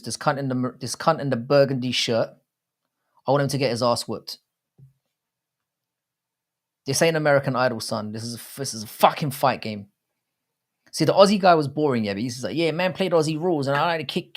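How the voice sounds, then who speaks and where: Guy in his 30s streaming a watchalong, swearing a lot, blunt and rambly, chatting with viewers, mid pitch. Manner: profane, blunt, rambling banter with chat. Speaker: livestream host. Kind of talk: casual livestream watchalong commentary.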